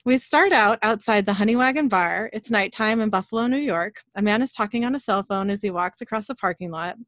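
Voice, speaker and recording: A woman's voice: mid-range voice, fairly quick, fairly bright tone. A young woman chats casually on a podcast, telling family stories and swearing freely as she goes. Her voice sits in a middle register. The sound is dry and close, with no room echo. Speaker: podcast co-host. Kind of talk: casual chat and episode recap.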